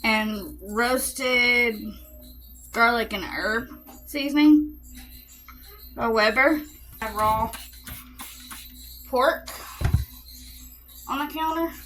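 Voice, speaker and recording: Southern woman, Alabama accent, slightly high and bright, walking viewers through dinner at home. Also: drawn-out words, long pauses, faint music behind, low-quality recording. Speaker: home cooking vlogger. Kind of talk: casual cook-along narration. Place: home kitchen.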